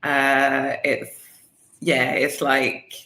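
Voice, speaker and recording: A woman's voice: extremely low pitch, level tone, extremely slow, pushed and bright, roomy sound. A woman, a debut novelist, chatting as a guest on a podcast, thoughtful and full of fillers. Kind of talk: casual interview.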